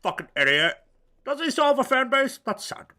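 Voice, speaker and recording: Man, high and bright voice, rambling gameplay commentary with absurd crude jokes. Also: big pitch swings, fairly quick, a little hiss or hum. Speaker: gaming video host. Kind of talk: let's-play commentary.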